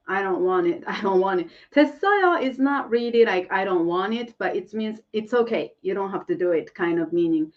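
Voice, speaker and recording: A woman with a medium-pitched voice, whose first language is Korean, teaches a live online lesson and fields viewer questions. She laughs often and repeats phrases. The mic sounds distant and the audio is dull.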